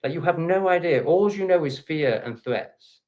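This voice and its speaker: A man's voice: on the high side, lively intonation, moderate pace, darkish tone, muffled recording. A man from England with an English accent, ranting angrily and profanely at the critics in his reaction video. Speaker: vlogger. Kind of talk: angry reaction rant.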